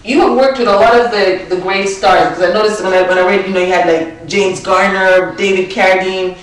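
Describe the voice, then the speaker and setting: A man's voice: high-pitched, steady tone, fairly quick, a bit bright, recorded from a distance, slight background noise. A man hosting a casual interview, often affirming his guests with yeses. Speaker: host. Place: TV studio. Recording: echoey studio from off-mic.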